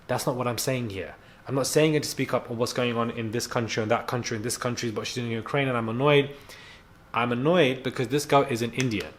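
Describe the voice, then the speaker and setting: A vlogger delivers an irritated, heated rant straight to camera. His voice sits at an ordinary middle pitch. He doubles back on words and leans on fillers as he builds his case. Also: fairly even intonation, fast, slight background noise. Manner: annoyed, heated, repeats himself with fillers. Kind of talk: ranting commentary to camera.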